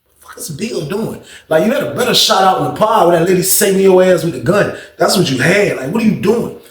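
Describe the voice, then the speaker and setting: A man telling a story in an animated, slang-heavy, repetitive way. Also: high-pitched, quick pace, echoey room. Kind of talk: casual storytime.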